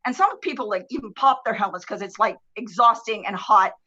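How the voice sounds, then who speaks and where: A woman guest on a live streamed talk show, telling stories in a lively, casual way and acting out the people in them. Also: medium pitch, a little fast, breathy edge. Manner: animated, swears casually, acts out voices. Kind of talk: casual storytelling. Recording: dull lo-fi stream audio.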